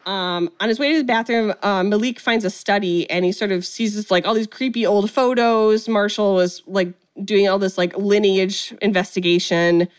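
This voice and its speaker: A woman's voice: mid-range voice, fairly even intonation, normal speed, hardly any pauses, clean tone. A woman casually recapping a film plot, storytelling animatedly with lots of "like" and acted-out quotes. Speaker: podcast co-host recapping a film. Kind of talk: casual chat.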